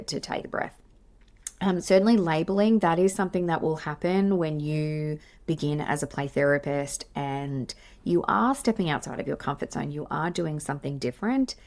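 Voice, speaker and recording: With a low, slightly mellow voice, an Australian woman who works as a play therapist gives a casual teaching monologue on her podcast. She's chatty and pokes fun at herself, often using fillers and restarting sentences.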